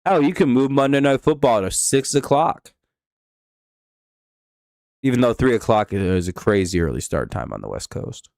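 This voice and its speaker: A man's voice: medium pitch, expressive, moderate pace, gravelly, pauses often, a little mellow, no room sound, studio quality. A man hosting a live stream, giving rambling, offhand game commentary with casual swearing.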